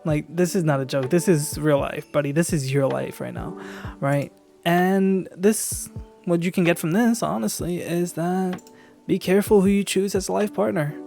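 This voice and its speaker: Low-voiced woman ranting on stream. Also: creaky, mellow. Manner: profane ranting, keeps asking "right?". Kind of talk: casual live-stream commentary.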